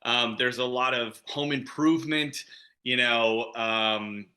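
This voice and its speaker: A man's voice: mid-range voice, takes it slowly, pushed and bright. A man being interviewed as an actor guest over a video call, chatting casually with frequent laughs and "you know" fillers. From Chicago.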